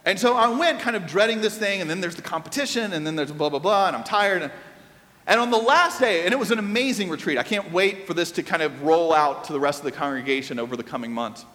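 A male pastor preaching a sermon, telling a personal story in an animated, conversational way with asides to the congregation. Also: high-pitched, fast talker. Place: church sanctuary. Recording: long reverb of a church hall.

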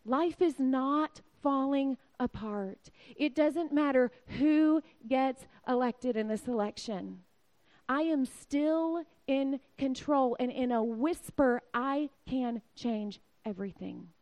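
Preaching a sermon, this woman in her forties swings between excited, loud outbursts and almost whispering. Her pitch leans high, and her pace is somewhat slow.

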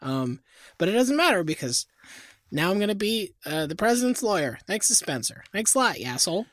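A woman's voice: mid-range voice, sing-song, a little fast, dry recording. A woman co-hosting a podcast in casual chat, with a dry, sardonic manner. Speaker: podcast co-host.

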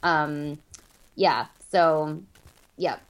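A young woman co-hosting a casual podcast chat, relaxed and agreeable, with many fillers. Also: low-pitched, very slow. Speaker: podcast co-host.

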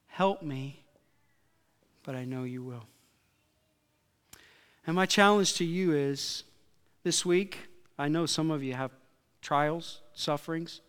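A man preaching a sermon as pastor, telling stories with lively acted-out quotes and shouting at the peaks. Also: on the high side, clean tone, long reverb tail. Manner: animated storytelling, acting out quotes, shouting at peaks. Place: church.

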